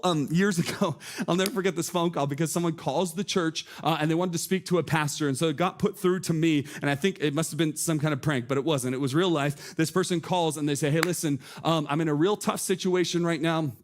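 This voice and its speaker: A man preaching a sermon from a church stage, earnest and conversational, asking the congregation questions. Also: sits high. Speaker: pastor.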